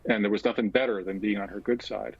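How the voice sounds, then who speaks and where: A low, gravelly man with a husky edge talks slowly and reflectively as an interview guest, pausing often between thoughts. The recording sounds dull and lo-fi. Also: fairly even intonation. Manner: halting and reflective, with frequent pauses. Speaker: guest author. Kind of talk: personal interview account.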